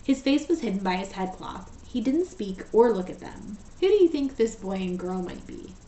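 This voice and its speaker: A woman teacher reading a storybook aloud in a steady, gentle way. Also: mid-range voice, normal speed. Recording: echoey room, voice far from mic.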